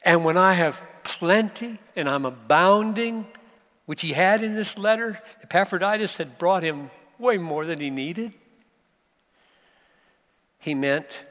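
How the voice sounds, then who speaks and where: Slow, emphatic preacher in a large hall. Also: male voice, fairly high pitch, fairly bright tone. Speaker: pastor. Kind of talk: sermon. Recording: live hall recording with long reverb.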